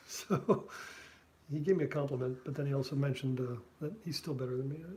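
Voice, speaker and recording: A man's voice: medium pitch, fairly even intonation, very fast, dark tone. A man who is a cartoonist, chatting in a rambling way with many fillers and asides while he draws. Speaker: cartoonist drawing on stream. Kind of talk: casual chat while drawing.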